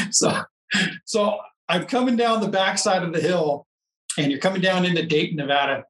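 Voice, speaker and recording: Male guest, lively storyteller, bright tone, roomy echo, set back from the mic. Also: on the high side, normal speed, recorded from a distance. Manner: animated storyteller, laughs often. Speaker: interview guest, off-road racer. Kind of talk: casual storytelling interview.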